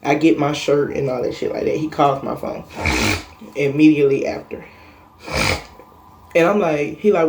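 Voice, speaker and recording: A woman's voice: low-pitched, a little slow, darkish tone. A young woman vlogger telling a personal story in a casual monologue, blunt, emphatic and full of cursing.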